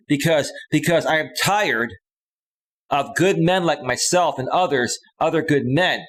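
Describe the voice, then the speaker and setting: A man in his thirties hosting a live stream as a coach, ranting in a heated, combative way and repeating his phrases, close to a studio microphone. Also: on the high side. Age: 30s. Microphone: close studio microphone with a limiter.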